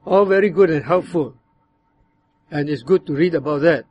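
Preacher, slightly high voice. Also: male voice, husky, lo-fi sound. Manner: measured, explanatory, acts out bitter and demanding tones when quoting. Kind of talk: sermon on a psalm.

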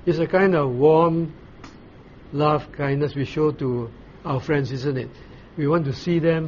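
Man preaching a steady Bible sermon. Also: a little high, muffled recording, slight background noise. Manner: explains slowly, pauses often with "uh", asks the listeners questions. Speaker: pastor.

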